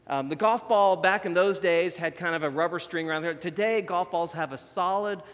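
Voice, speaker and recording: A man delivers a conversational sermon, chatty and self-deprecating. His voice sits a little high. A long reverb from a large hall trails each phrase. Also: normal speed, a bit bright. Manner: chatty, self-deprecating, shows props while talking.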